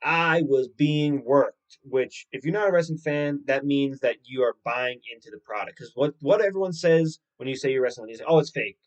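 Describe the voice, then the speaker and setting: A young man hosting a podcast, telling a story in an animated, rambling way and swearing freely. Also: medium pitch, a little fast, few pauses, muffled recording. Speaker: podcast host. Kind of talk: casual solo podcast storytelling.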